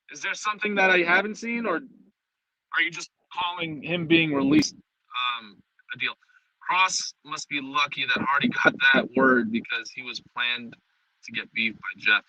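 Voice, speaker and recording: Rambling, profane New York man on a live stream, bright voice, lively, pitched a bit high. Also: unhurried, highs cut off. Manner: rambling and profane, jumping between topics. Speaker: streamer host. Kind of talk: casual live-stream chat.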